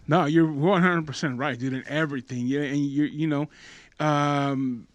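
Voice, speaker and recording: An animated man, co-hosting a podcast with emphatic, slangy casual chat. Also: fairly high pitch, normal speed, no room sound. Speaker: podcast co-host.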